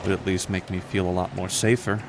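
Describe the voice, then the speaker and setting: Low gravelly man streaming a game. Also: little pitch movement, brisk. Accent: somewhat American. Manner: profane, wry asides. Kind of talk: live gameplay commentary. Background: game sounds and rumble.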